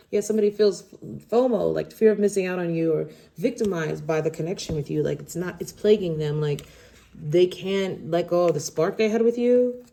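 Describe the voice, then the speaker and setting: A woman reads tarot cards in a loose, rambling, chatty way, blunt and unfiltered, with some casual swearing. Her voice is mellow and warm. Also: fairly low pitch, a little hiss or hum. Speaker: tarot reader. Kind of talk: casual tarot reading to camera.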